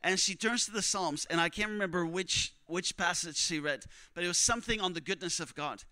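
A young man preaching, telling a missionary story with strong emotion, often dropping to a hush for other people's words. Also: high voice, a little fast, no room sound. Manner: emotional, quotes others in hushed voices. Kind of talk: sermon storytelling.

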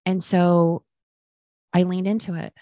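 Low-voiced woman, lively storyteller. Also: slow, no echo, studio quality. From Midwest United States. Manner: animated storyteller, acts out quotes with raised pitch. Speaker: matchmaker and guest. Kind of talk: casual podcast interview.

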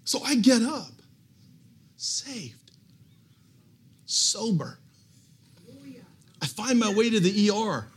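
Husky high-voiced male preacher. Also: takes it slowly, pauses often. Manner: animated, self-mocking, restarts when excited. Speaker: guest pastor. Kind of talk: humorous sermon storytelling. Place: church service.

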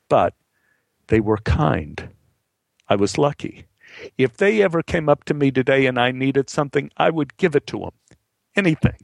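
A man voicing a blunt, gruff old man who swears casually as he recalls hard times. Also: medium pitch, no room sound.

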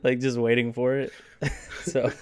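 A man's voice: mid-range voice, flat delivery, a little slow, clean tone, no room sound, studio quality. A young man bantering and laughing as co-host of a casual podcast. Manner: laughing, joking, mock impressions.

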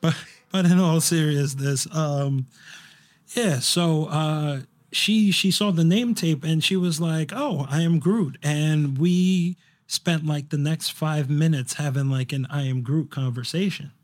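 A man's voice: a little high, steady tone, takes it slowly, darkish tone. A young man chatting casually on a podcast, telling a story in a rambling way with lots of fillers and restarts. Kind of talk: casual chat.

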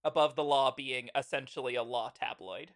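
A young adult woman co-hosting a comedic podcast, ranting in an animated, incredulous way. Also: a bass voice, normal speed. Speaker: podcast co-host. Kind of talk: comedic book-reading podcast.

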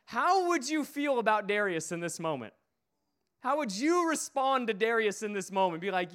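A man's voice: sits high, sing-song, normal speed, a bit bright, clean tone. A man preaching a sermon, retelling a story emphatically with repeated phrases.

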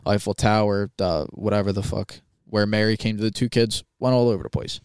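A young man co-hosting a podcast, telling a story in a casual, animated, swearing way and acting out quoted voices. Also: on the low side, a little fast, smooth, no room sound, studio quality. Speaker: podcast co-host.

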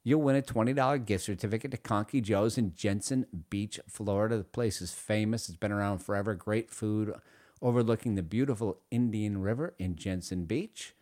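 A man hosting a food radio show, reading ads and joking in a playful, self-mocking way with sudden loud bursts. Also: on the low side, normal speed, dry recording, clean studio sound.

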